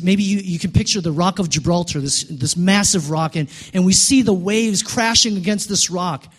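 Emphatic preaching man. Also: slightly rough. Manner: builds to loud, high emphatic peaks, then drops quiet. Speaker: pastor. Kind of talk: sermon.

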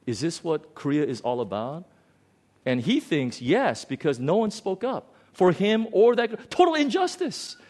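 A man preaching a sermon in a conversational, storytelling way, swinging between loud outbursts and quiet, low passages. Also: very animated, unhurried. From lives in Hong Kong. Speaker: pastor.

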